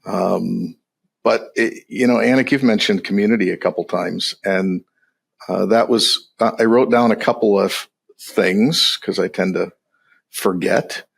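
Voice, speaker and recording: A man from West Michigan, a trade compliance guest, talking casually and hesitantly with many pauses. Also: fairly low pitch, vocal fry, breathy edge. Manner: relaxed, hesitant with many uhs. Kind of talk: casual chat.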